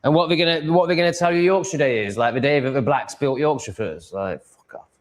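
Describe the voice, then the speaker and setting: A man's voice: fairly high pitch, brisk. A man live streaming from home, chatting and answering comments in a rambling, profane way with stumbling restarts and chuckles. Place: at home with cats on his lap.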